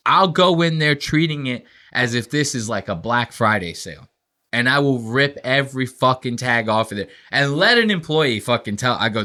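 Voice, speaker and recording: Podcast guy ranting and swearing, bright voice that jumps all over. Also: medium pitch, animated, normal speed. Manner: profane, ranting, acts out quotes in voices. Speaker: podcast host. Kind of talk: casual podcast rant.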